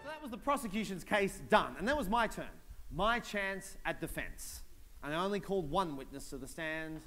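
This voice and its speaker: Animated high-voiced comic man. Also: normal speed, a little hiss or hum. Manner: animated, acts out voices and shouts for effect. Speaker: stand-up comedian. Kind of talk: stand-up comedy routine. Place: convention stage.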